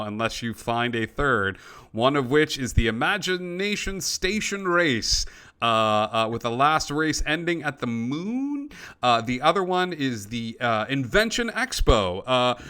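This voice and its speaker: A man in the game master's chair, narrating the scene with a loose, filler-heavy delivery. His voice is smooth and resonant, sitting in a middle pitch range. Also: a bit bright.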